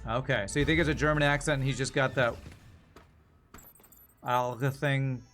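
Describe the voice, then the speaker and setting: A man giving casual gameplay commentary on a stream, musing and rambling as he plays. His pitch sits in the middle range. Faint music plays under his voice. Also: steady tone, normal speed, a bit bright.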